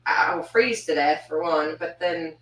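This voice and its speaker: A talkative woman in easy podcast chat, laughing between stories and letting her voice sink low on asides. The sound is roomy, and she sits a little away from the mic. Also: measured pace, recorded from a distance. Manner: chatty, laughs often, trails off into quiet asides. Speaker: podcast co-host. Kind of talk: casual chat.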